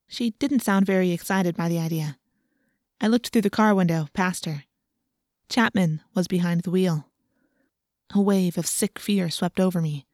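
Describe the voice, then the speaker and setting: A woman's voice: on the low side, normal speed, a little mellow, no echo. Woman narrating a novel in first person, earnest, kinda tense, dead dry room. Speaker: audiobook narrator.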